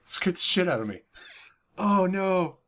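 A man's voice: high-pitched, big pitch swings, unhurried. Jumpy young man yelping through a horror game. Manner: jumpy, swings from hushed whispers to panicked yelps and swearing. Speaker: gaming channel host. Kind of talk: horror game let's play commentary. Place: at home at a computer with headphones on.

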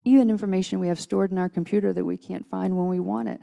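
A woman's voice: medium pitch, fairly even intonation, rapid-fire, creaky, few pauses, mellow. A woman giving a conversational sermon in a church, chatty with restarts, tired from little sleep. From United States. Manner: casual, chatty, with restarts and acted-out quotes. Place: church sanctuary.

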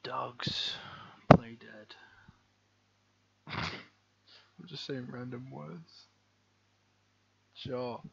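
A man's voice: medium pitch, steady tone, drawn-out words, creaky, long pauses, husky, dull audio. A young man streaming live, thinking aloud as he plays and muttering words to himself as he reads them. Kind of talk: thinking aloud while playing a live game.

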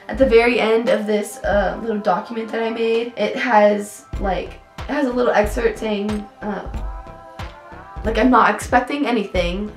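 A young woman with a sick, hoarse voice, chatting casually to camera about her holiday wish list. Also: medium pitch, echoey room. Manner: chatty, upbeat, rambling. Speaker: vlogger.

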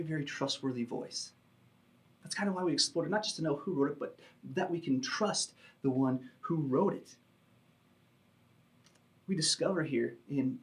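Emphatic pastor, fairly high voice. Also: male voice. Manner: emphatic teaching with frequent "uh" fillers. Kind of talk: sermon.

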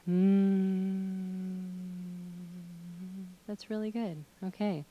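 A woman's voice: lowish voice, a little fast, phone-quality sound, slight background noise. A middle-aged woman leading an audience through voice exercises, encouraging them and demonstrating with hums, chants and sung notes. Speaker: workshop leader.

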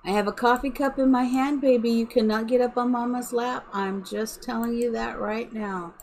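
A middle-aged woman chatting slowly while streaming a building game at home, talking sweetly to her cat. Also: fairly high pitch, steady tone, darkish tone, a little hiss or hum, rough recording. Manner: slow and chatty, cooing baby talk to her cat. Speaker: live streamer. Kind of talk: casual game-stream chat.

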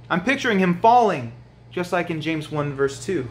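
A man preaching a sermon to other men, swinging from hushed, low lines to loud, pleading highs. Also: lively intonation, moderate pace.

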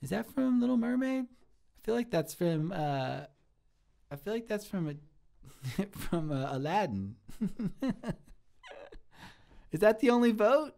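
A man's voice: sits high, unhurried, gravelly, pauses often, heavily acted. A man playing a sweet, shy male restaurant cook in his thirties, who talks in an earnest, rambling way in improvised live-stream comedy. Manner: earnest, easily flattered, rambling.

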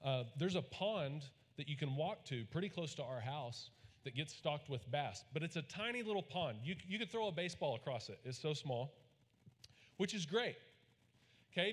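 A pastor from Texas, his voice a little high and fairly bright, preaches with a folksy storytelling touch. He prompts the congregation to repeat lines back, and the large hall adds a long reverb.

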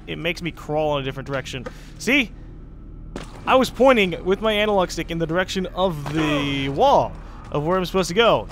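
Excitable young man narrating gameplay. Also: a little high. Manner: chatty, sarcastic, excitable outbursts. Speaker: let's play host. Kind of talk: casual gameplay commentary.

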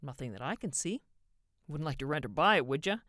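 A woman's voice: low voice, expressive, fairly quick, fairly bright tone, no echo, clean studio sound. A woman voicing a chatty small-town male businessman with a drawling, colloquial way of talking.

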